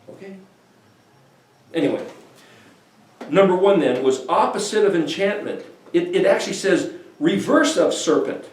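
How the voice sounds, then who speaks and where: Animated man teaching scripture, echoey. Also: high-pitched, moderate pace, long pauses. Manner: animated, acts out quoted voices with laughter. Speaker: bible teacher. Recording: echoey room, voice from a distance.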